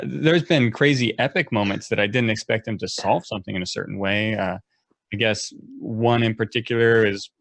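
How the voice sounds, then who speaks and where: A man's voice: mid-range voice, gravelly, no echo. A man game master telling a story on a panel, modest and easygoing. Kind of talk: casual storytelling.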